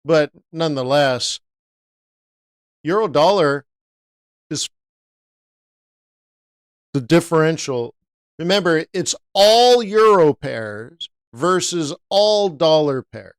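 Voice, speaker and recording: A man's voice: fairly high pitch, animated, slow, long pauses, clean tone, no echo, clean studio sound. A man teaching forex trading on a live stream, talking casually and answering viewers by name.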